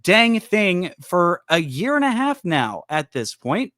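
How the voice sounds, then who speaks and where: A man's voice: high voice, very animated, slow pace, fairly bright tone, no room sound, studio quality. Exasperated man ranting on a podcast. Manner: exasperated, venting, emphatic. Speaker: podcast host. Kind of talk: solo sports podcast rant. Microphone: studio microphone.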